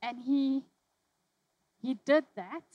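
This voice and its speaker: Woman, preacher, sermon, emotional storytelling, higher voice, dry close sound. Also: very slow, no echo, lo-fi sound. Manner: emotional storytelling, swings from loud to hushed.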